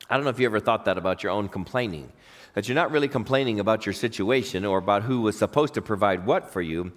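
A man preaching a sermon as pastor, telling stories and acting out quoted voices with big swings in pitch. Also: quick pace.

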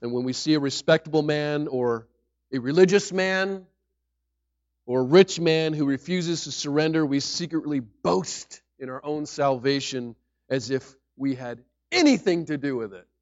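Man, pastor, sermon, fairly high voice, emphatic, punchy loud peaks, muffled lo-fi sound. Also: moderate pace, no echo. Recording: dull lo-fi recording.

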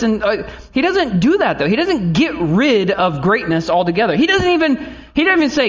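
A man's voice: sits high, big pitch swings, normal speed, few pauses. A man in his thirties, a pastor giving a conversational sermon who acts out quotes and family stories.

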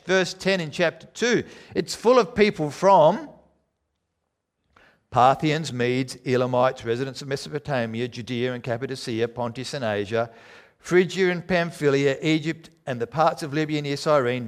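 A man preaching a sermon, emphatic, swinging between loud declarations and quiet, low lines.

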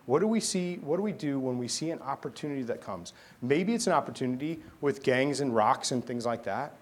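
A male pastor preaching a sermon who tells stories in an animated way, with dramatic pauses. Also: medium pitch, husky.

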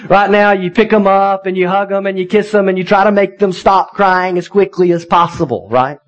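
A man's voice: sits high, fairly even intonation, brisk, lo-fi sound. A man in his thirties, a pastor preaching a sermon in a conversational, folksy way, often checking in with his listeners.

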